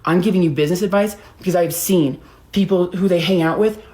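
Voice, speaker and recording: A woman voicing a calm male manager who gives steady, firm advice. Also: on the low side, brisk, natural voice. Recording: roomy echo.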